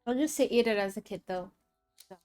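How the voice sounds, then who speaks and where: A woman's voice: medium pitch, a little fast, darkish tone, soft background music. A woman streaming live while she draws, chatting casually with her chat between bites and laughing often. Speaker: art streamer.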